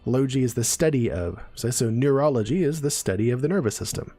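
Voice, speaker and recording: Over faint background music, a man gives a laid-back neuroscience lesson on a live stream. His mid-range voice is dark, slightly rough, expressive, and fairly quick, and he chats through definitions while often asking viewers "right?" or "okay?"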